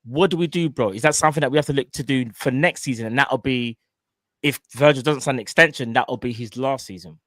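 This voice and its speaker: A man hosting a casual football podcast, talking in animated, slangy banter and laughing often. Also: mid-range voice, fast talker, no room sound, clean studio sound. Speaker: host.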